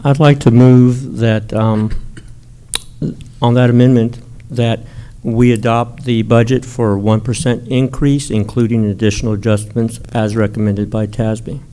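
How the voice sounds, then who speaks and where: A man on a school board, making and rewording a motion at a meeting, with halting restarts. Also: mid-range voice, level tone, warm tone, slight background noise.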